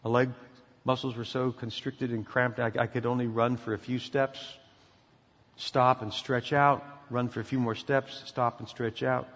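A middle-aged pastor preaching a sermon, emphatic and preacherly, sometimes dropping to a quiet intensity. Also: male voice, medium pitch, level tone, normal speed. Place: church sanctuary. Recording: dull sound in a reverberant hall.

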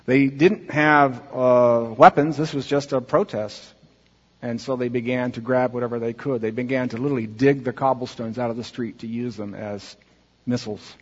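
A man speaking earnestly to a congregation as he narrates a slideshow, asking for the next slide and pausing on fillers. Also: mid-range voice, fairly even intonation, husky. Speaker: church mission speaker presenting slides. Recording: dull, muffled audio with long hall reverb.

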